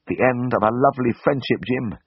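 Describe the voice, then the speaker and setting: A man reading aloud, voicing a panicky young man who talks in quavering, hurried bursts, in a slightly dull recording. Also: mid-range voice, breathy edge, dry recording, pitched above the performer's own voice, natural voice. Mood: nervous.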